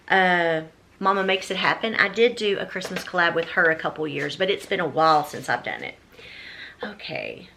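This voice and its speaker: A woman's voice: mid-range voice, sharp tone, a little hiss or hum. A woman chatting casually on camera while unboxing a gift box, gushing and exclaiming often. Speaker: vlogger.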